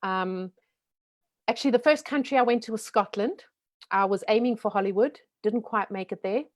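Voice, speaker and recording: A woman in her forties from South Africa with a softened South African accent, talking frankly and lively as a guest in a casual interview. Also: mid-range voice, dry recording. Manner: lively, frank, talks in quick runs. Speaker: guest, brand strategist.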